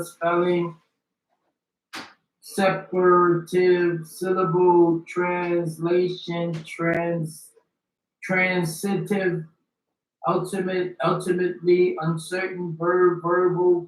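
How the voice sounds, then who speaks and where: Slow, roomy man reading a list. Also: sits high. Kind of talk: reading out a list of dictionary abbreviations. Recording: roomy sound from a distance.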